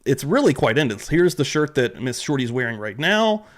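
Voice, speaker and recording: A young adult man hosting a casual livestream, animated and excitable, swearing casually as he greets viewers. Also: medium pitch, normal speed. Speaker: livestream host.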